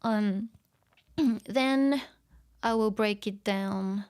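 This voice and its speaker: A woman's voice: medium pitch, very slow, darkish tone, clear, resonant tone. A woman giving a casual online language lesson, chatty and full of fillers and small laughs. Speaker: language teacher.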